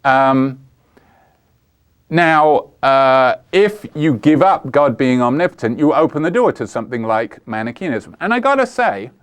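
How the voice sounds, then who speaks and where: A man's voice: medium pitch, lively intonation, a little slow, smooth. Rambling male philosophy lecturer. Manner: conversational, digressive, frequent ums and uhs. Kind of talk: informal lecture. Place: Flint, Michigan.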